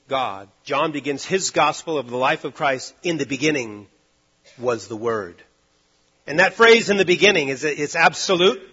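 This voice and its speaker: A man preaching a sermon, driving points home with loud stresses and then dropping to hushed, low lines. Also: breathy edge, dull audio.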